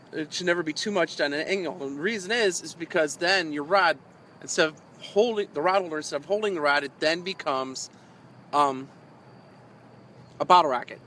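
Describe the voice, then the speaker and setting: A man's voice: fairly high pitch, bright, forceful tone, slight background noise. A man on a live fishing stream, rambling through old stories with plenty of chuckles and self-mockery, talking to his chat. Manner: chuckling, meandering, self-mocking. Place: outdoors by the water while fishing.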